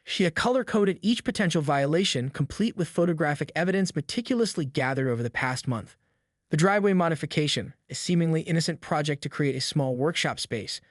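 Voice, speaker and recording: A man's voice: a little high, no room sound. Man narrating a story in a dry, close voice.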